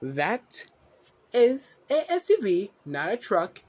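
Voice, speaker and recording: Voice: medium pitch, huge pitch swings, slow pace, a little mellow. A vlogger ranting indignantly at viewers in a profane reaction commentary.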